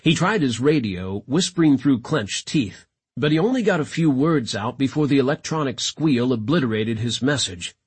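A man narrating a science fiction audiobook in a dramatic, expressive reading style. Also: mid-range voice, normal speed, slightly rough.

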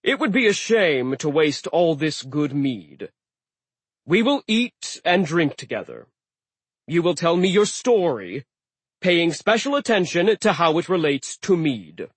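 Pompous, commanding sea giant deity a man puts on, raised and loud, with a husky edge. Audiobook figure. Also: fairly high pitch, very animated, measured pace, no room sound, pitched above the performer's own voice, heavily acted. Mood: genial. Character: booming ancient male sea giant god, vain and menacing.

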